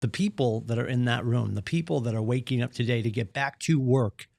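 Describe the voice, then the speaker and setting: A man's voice: medium pitch, brisk, gravelly, a little mellow, no echo, studio quality. A man leading a real estate team's morning meeting, giving an earnest, punchy motivational talk and acting out the excuses people make. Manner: earnest, punchy, acts out quoted voices. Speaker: real estate team leader.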